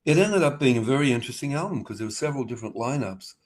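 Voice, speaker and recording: A man's voice: mid-range voice, expressive, racing. An older man, a musician guest telling rambling anecdotes in a casual video-call interview and acting out the dialogue. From Australia. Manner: rambling anecdotal, acts out dialogue with shifting voices.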